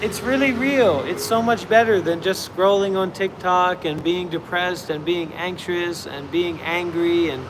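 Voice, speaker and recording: A man with a fairly high voice gives a meditation teacher's livestream talk. His speech is casual and rambling, full of fillers and small restarts. A faint hum of background noise sits under the voice. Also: steady tone, measured pace, hardly any pauses, big-room sound. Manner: chatty, rambling, with many fillers.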